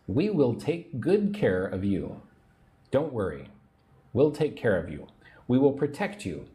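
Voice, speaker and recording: An American man teaches English on a livestream in a mid-range, dark-toned voice that is very animated. He speaks slowly and patiently, repeating phrases for his learners.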